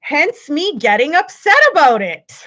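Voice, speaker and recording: Ranting, high-pitched woman on a livestream. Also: big pitch swings, unhurried, a bit bright, lo-fi sound. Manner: frustrated, profane ranting. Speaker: livestream host. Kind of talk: livestream chat with viewers.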